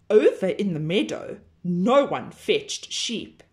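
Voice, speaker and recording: A woman teacher reading a children's picture book aloud in a slow, expressive storytelling manner. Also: mid-range voice.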